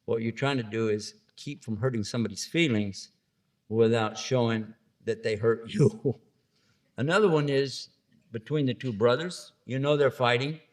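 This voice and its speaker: A man's voice: mid-range voice, moderate pace. Man giving a chatty religious lecture. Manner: storytelling, acting out little scenes with funny voices; conversational, asks the audience questions. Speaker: Islamic lecturer.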